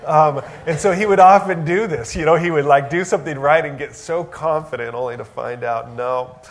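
A man's voice: on the high side, moderate pace. A man preaching a sermon in a conversational, earnest way, now and then rising into emphatic bursts. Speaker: pastor.

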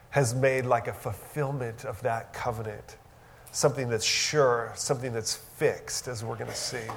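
Guy pastor giving a sermon, casual and earnest, gets loud and emphatic at times. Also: mid-range voice, vocal fry. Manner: conversational, earnest, with sudden emphatic rises.

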